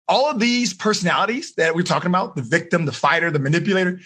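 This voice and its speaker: A man running a live seminar for teenagers, energetic and asking the audience questions. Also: sits high, breathy edge. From United States. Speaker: teen life coach.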